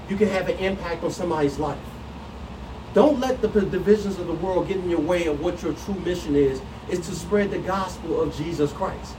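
A man's voice: high voice, a little mellow. A man preaching an earnest Bible lesson, emphatic and repeating his key lines. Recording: distant mic with faint background noise.

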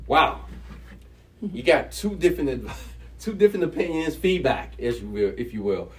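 High-pitched guy doing bible study, chatty and animated, asks the room questions, sounds kinda far from the mic. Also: moderate pace. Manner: conversational and animated, chuckles, rhetorical questions to the listeners. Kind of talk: Bible teaching, scripture reading with commentary.

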